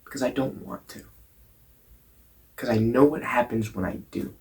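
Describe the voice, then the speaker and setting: A man's voice: medium pitch, moderate pace, a little mellow. A young man talking straight to camera, blunt and full of swearing, often stumbling and repeating words as he tells a personal story. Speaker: vlogger. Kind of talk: candid storytelling monologue.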